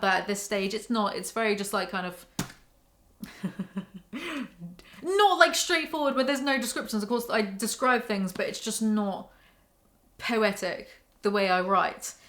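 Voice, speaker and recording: A young woman talks straight into the camera in a relaxed home vlog, her pitch sitting at an ordinary middle height. She reviews books in a frank, ranting way, swears without a second thought, and keeps an easy, conversational pace. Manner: candid, ranting, swears freely. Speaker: book reviewer. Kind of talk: casual spoken book review.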